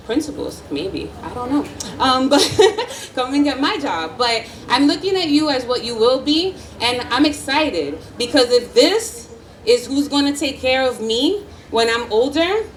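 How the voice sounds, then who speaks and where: Woman, high voice, school principal, emotional ceremony speech, encouraging, distant mic, faint background noise. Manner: heartfelt, emotional and encouraging, laughs often.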